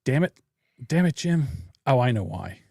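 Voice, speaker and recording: A man's voice: medium pitch, big pitch swings, moderate pace, creaky, a little mellow, no room sound, studio quality. A man hosting a casual chat show, joking and playful. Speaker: host.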